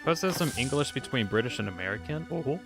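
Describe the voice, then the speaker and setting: A man's voice: mid-range voice, expressive, fast, over music. A man streaming a video game, chatting casually and rambling as he reacts to his chat. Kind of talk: casual gameplay commentary.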